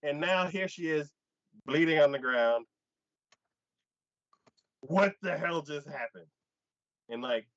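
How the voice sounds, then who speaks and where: A man hosting a casual anime chat, retelling an episode and acting out the characters' lines. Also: no echo. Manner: animated retelling, acts out characters' lines with pitch jumps. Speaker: anime podcast host. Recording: dull lo-fi dry sound.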